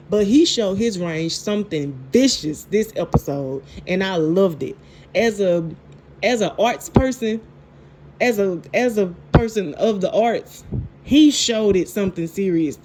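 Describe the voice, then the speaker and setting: A woman casually recapping a TV drama, sassy and animated, acting out the characters' lines. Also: medium pitch, slight background noise. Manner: sassy, animated retelling with acted quotes. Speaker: TV show reviewer.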